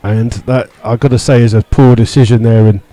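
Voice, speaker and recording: Mellow-voiced man calling live football. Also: brisk, poor audio. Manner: steady play-by-play with many fillers, rising in pitch when indignant. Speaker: radio football commentator. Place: stadium stand among fans.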